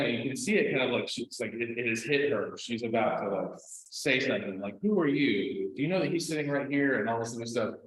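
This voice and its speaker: A man teaching a class, telling stories in a loose, chatty way with lots of fillers and quick "right?" asides. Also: fairly low pitch, a bit bright, slight background noise. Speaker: meditation and scripture teacher. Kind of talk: casual class talk with storytelling. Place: teaching room. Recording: very echoey room.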